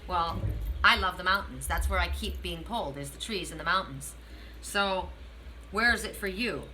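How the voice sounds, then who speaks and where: A woman's voice: lowish voice, animated, moderate pace, sharp tone, slight background noise, low-quality recording. A middle-aged woman reading oracle cards for her viewers, speaking earnestly and directly to the listener with repeated, affirming phrases. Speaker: oracle card reader. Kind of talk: spiritual card reading to viewers.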